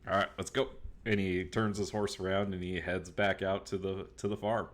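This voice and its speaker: A man narrating as game master in a tabletop game, casual and halting with many fillers. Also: low-pitched, flat delivery.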